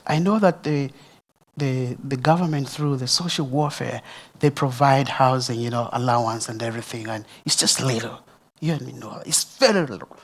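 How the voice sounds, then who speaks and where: A man giving an emotional church testimony, talking straight to the audience. He preaches emphatically, rising loud and high, then dropping soft and low. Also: normal speed. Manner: addresses the audience directly. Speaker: speaker sharing a testimony at a church service.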